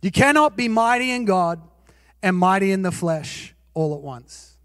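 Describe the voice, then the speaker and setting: A man's voice: sits high, measured pace, no echo, big-room sound. A male pastor preaching a sermon, telling self-mocking personal stories and asking his listeners questions. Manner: animated, self-mocking, asks the audience questions.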